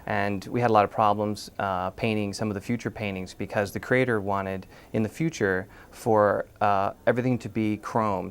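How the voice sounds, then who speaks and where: A man in a behind-the-scenes feature who calmly explains background painting and gives notes to a painter, with many pauses. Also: lowish voice, gravelly, clean tone.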